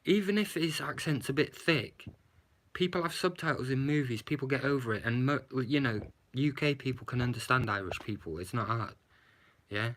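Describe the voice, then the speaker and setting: A man's voice: mid-range voice, normal speed, fairly bright tone. A man giving a blunt, sarcastic movie review, swearing and adding "yeah?" to his points. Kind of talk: casual movie review rant.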